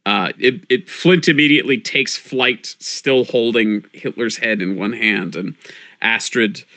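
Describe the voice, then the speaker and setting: A man's voice: lowish voice, measured pace, pushed and bright. A man narrating a live tabletop game as game master, describing scenes like camera shots, with frequent fillers and restarts.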